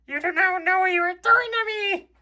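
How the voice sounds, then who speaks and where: Toad, someone doing a shrill panicky mushroom guy. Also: moderate pace, bright, forceful tone, heavily acted. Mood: panicked. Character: small excitable mushroom guy, jittery, easily scared.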